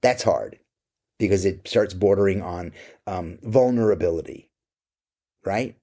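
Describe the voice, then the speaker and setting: A man's voice: deep voice, measured pace, warm tone. A middle-aged man answering interview questions about his life and work, candid, blunt and profane.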